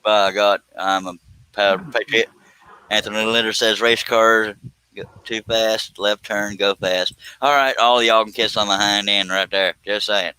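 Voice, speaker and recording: Bright-voiced man joking on stream. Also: on the low side, fairly even intonation, a little slow, clean tone, no echo, low-quality recording. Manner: joking, reads chat comments aloud. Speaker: live stream host. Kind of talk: casual live stream chat.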